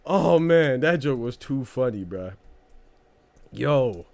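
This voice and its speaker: A man's voice: medium pitch, lively intonation, takes it slowly, gravelly, darkish tone. A man hosting a boxing podcast live stream, talking casually and animatedly, laughing often and calling everyone "bro".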